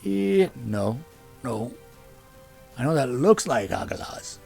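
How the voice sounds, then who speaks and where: A patient older brother and soldier, tutoring with steady explanations, as a man reading a story plays him. His voice is gravelly at a middle pitch. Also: slow, faint music behind, full character voice. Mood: patient, teaching.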